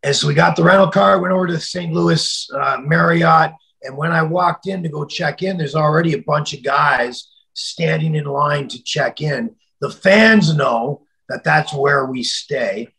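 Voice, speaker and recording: A middle-aged man telling a story in an interview, acting out the quoted voices and sometimes shouting them. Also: a little high, measured pace, vocal fry, rough recording. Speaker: interview guest.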